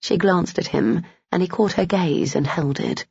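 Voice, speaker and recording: An audiobook narrator reading a romance novel in a measured storytelling manner. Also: mid-range voice, vocal fry, a little mellow, husky, no room sound, lo-fi sound.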